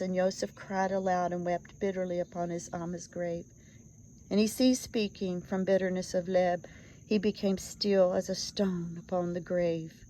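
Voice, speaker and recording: A woman's voice: lowish voice, flat delivery, normal speed, mellow, a little hiss or hum, poor audio. A woman reading an old scripture story aloud, earnest and emotive in the quoted laments. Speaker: scripture reader.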